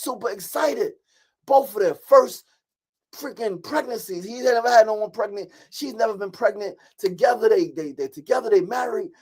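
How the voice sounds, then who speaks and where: Brief: male podcast host, high voice, repetitive and preachy delivery. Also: creaky, darkish tone, slightly rough. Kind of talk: motivational podcast monologue.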